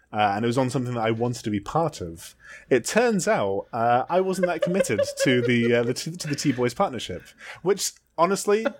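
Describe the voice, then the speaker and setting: A man's voice: mid-range voice, heavy background noise. A man co-hosting a podcast in casual chat, joking and self-mocking, often stopping and restarting mid-sentence. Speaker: podcast co-host.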